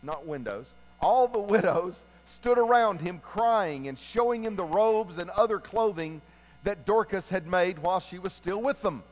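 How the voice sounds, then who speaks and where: High-voiced male preacher in a reverberant hall. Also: a little slow. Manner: folksy, animated storytelling. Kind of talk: sermon retelling a Bible story.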